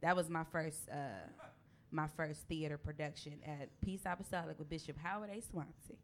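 A young woman, a comedy writer and talk show guest, chatting loudly and profanely on a live stage. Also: sits low, steady tone, moderate pace, slight background noise. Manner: loud, brash, profane, laughing. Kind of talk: casual comedic chat, profane.

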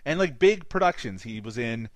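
Animated man with a light Newfoundland accent. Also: mid-range voice, moderate pace, no echo. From Newfoundland, Canada. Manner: laughs often, swears casually. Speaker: podcast co-host. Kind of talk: casual movie recap chat.

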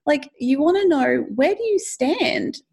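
A woman's voice: high voice, animated, a little slow, gravelly, a little mellow. A woman co-hosting a casual podcast chat, talking with enthusiasm and firing off rhetorical questions. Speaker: podcast co-host.

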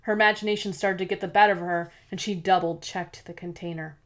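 A woman reading a novel aloud as narrator, in a steady, measured storytelling manner. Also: medium pitch. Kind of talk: scripted audiobook narration.

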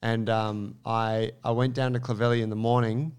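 Rambling man, smooth voice. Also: fairly low pitch, normal speed. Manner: rambling, animated, many fillers and restarts. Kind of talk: casual storytelling chat.

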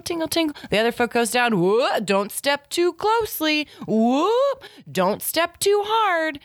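A young adult woman hosting a comedy podcast, with an animated monologue and playful banter. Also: a little high, dry recording, studio quality. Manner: animated, does silly voices for her body parts. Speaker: podcast host.

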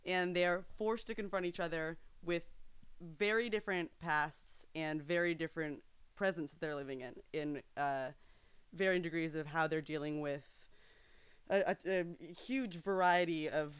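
A woman's voice: deep voice, moderate pace, smooth, no room sound. An actress in an interview, explaining her craft in an articulate, thoughtful way. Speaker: stage actor. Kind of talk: casual interview answers.

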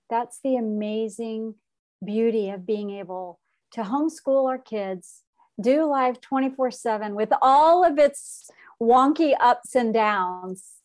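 A woman's voice: medium pitch, a little mellow. A middle-aged woman, a podcast guest telling an emotional personal story and acting out what others said. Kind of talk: conversational storytelling.

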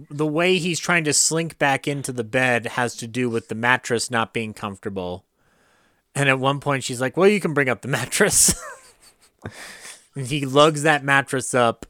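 A man's voice: medium pitch, sharp tone, clean tone, no echo, studio quality. A man co-hosting a casual podcast chat, who laughs often and restarts his sentences. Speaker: podcast co-host.

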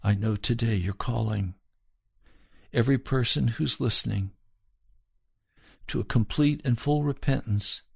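A man preaching a sermon, earnest and pleading, speaking slowly and deliberately. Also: mid-range voice, gravelly, a little mellow, husky, no room sound, studio quality.

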